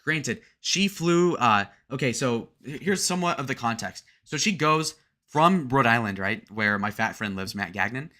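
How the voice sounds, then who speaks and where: A man hosting a livestream, reading chat messages aloud and joking crudely, with sudden loud shout-outs. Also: mid-range voice, expressive, normal speed. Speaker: livestream host.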